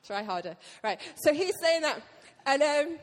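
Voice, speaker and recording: A woman pastor preaching a sermon to her church, lively and joking with the congregation. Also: sits high, a little slow. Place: church hall. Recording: long reverb of a church hall.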